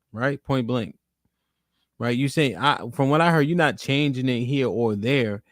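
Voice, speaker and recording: A man's voice: mid-range voice, no echo, clean studio sound. A man moderating a podcast panel, asking questions and summarizing each side's position. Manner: questioning, summarizing both sides.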